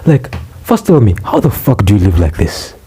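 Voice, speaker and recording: A young man ranting in a profane, exasperated comic vlog, swearing and bursting out loudly. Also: on the low side, wildly swooping pitch, normal speed, husky. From Uganda. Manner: exasperated, swearing, loud outbursts. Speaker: vlogger.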